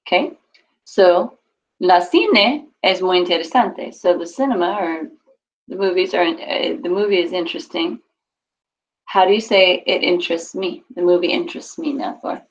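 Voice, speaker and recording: A woman's voice: lowish voice, moderate pace. A woman teaching Spanish to a class over a video call, explaining patiently and encouraging students. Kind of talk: online class instruction. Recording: dull lo-fi call audio.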